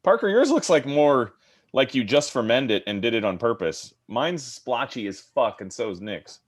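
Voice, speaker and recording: Lively man hosting a video-call chat. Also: medium pitch, normal speed. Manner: steers the talk, asks questions, teasing. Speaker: podcast co-host.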